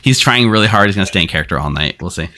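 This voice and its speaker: A man hosting a streamed game, quickly explaining its rules to players. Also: deep voice, animated, bright, forceful tone. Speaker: game storyteller and stream host. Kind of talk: running a social deduction game on stream.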